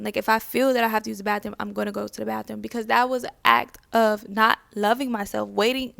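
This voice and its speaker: A woman's voice: on the high side, creaky, no echo. A young woman talking casually to camera about self-care, asking many questions and repeating phrases. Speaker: spiritual vlogger. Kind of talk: casual reflective talk to camera.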